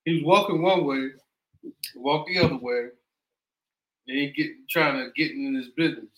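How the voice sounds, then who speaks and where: A man's voice: a little high, normal speed, a bit bright. A man co-hosting a casual podcast chat, making plain, matter-of-fact remarks. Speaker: podcast co-host. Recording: echoey room.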